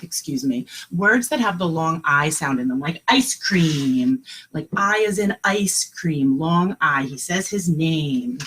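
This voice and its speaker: A woman kindergarten teacher giving a live lesson from home, talking in a sing-song, encouraging way and slowing down to sound out words. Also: lowish voice, fairly bright tone, slight background noise, rough recording. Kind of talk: live online lesson for young children.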